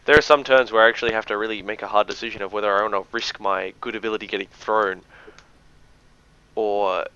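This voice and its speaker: A man's voice: on the low side, fairly even intonation, quick pace, smooth. An Australian man doing chatty, jokey live-stream commentary on a game match. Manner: chatty, jokey, gives shoutouts. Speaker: esports commentator. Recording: dull lo-fi stream audio, faint noise.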